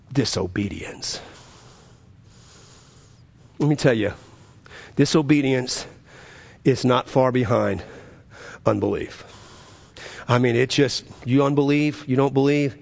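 A man preaching a sermon, swinging between loud, emphatic highs and low, quiet stresses, often repeating words as he builds a point. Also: moderate pace, vocal fry, pauses often. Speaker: pastor.

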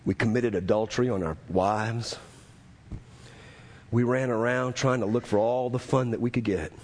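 A man voicing a dying man who quietly and earnestly confesses his past wrongs to his family. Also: medium pitch, steady tone, normal speed, voice pushed down, lightly acted. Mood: solemn confession.

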